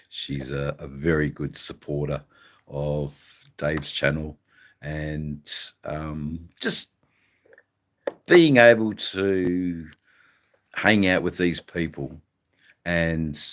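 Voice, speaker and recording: A man's voice: very deep voice, drawn-out words, pauses often. An Australian man hosting a livestream, chatting in a rambling, casual way and greeting viewers by name. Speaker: livestream host.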